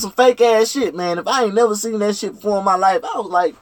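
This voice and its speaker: Male vlogger, raised voice, extremely lively intonation, profane rambling monologue. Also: fast, hardly any pauses, dry recording. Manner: profane, swings from shouted outbursts to low mutters.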